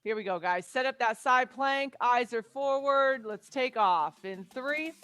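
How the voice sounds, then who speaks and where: A woman's voice: on the high side, unhurried, fairly bright tone. A young woman fitness coach leading a home workout, calling out moves and counting down with upbeat energy. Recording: dry close sound with faint music behind.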